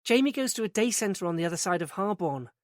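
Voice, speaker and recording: A man voicing a hesitant, uncertain young woman in an audiobook, speaking softly with a lifted pitch. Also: expressive, fast, no echo, studio quality. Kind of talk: audiobook character reading.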